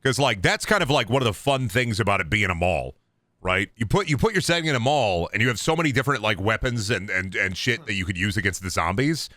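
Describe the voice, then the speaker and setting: A young man giving loose, joking commentary while he plays a video game, rambling and swinging between loud outbursts and low mutters. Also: animated, fast talker, no room sound, studio quality. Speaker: gaming streamer. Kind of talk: casual gameplay commentary.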